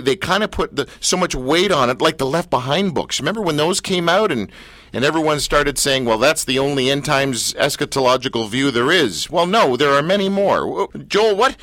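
A man's voice: a little high, lively intonation, normal speed, pushed and bright, dry recording. A male radio host asking questions in a chatty, playful way on a studio microphone. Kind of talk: radio interview.

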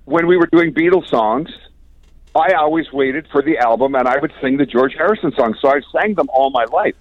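A man's voice: fairly high pitch, expressive, fairly quick, no echo. An older man from Canada, a guest musician, telling chatty stories in an interview and often chuckling. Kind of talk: casual storytelling interview. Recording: dry, dull lo-fi sound.

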